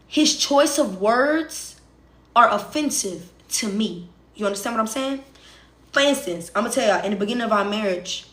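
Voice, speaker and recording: Young woman livestreamer, high bright voice, chatty and emphatic, echoey room sound. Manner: conversational, emphatic, repeats phrases, asks listeners for agreement. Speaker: livestream host. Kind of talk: casual storytelling to viewers.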